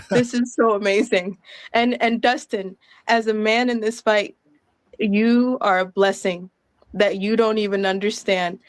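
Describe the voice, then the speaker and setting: A woman's voice: mid-range voice, fairly even intonation, unhurried, no room sound. A woman in her thirties giving emphatic, breathless reaction commentary and laughing between thoughts. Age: 30s. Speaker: co-host of a reaction stream.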